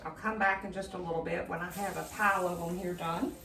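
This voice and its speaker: A woman's voice: lowish voice, steady tone, fast talker, gravelly, fairly bright tone, distant mic, slight background noise. Chatty woman cooking in a roomy kitchen. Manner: chatty, enthusiastic, talks to viewers as friends. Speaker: home cooking vlogger. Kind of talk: casual cooking demonstration. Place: home kitchen.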